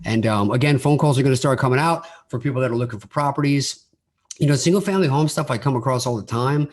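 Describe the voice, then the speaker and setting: A man's voice: mid-range voice, fast. Man hosting a solo podcast. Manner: conversational, repeats words when starting sentences; acts out quoted dialogue in his own voice. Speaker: podcast host.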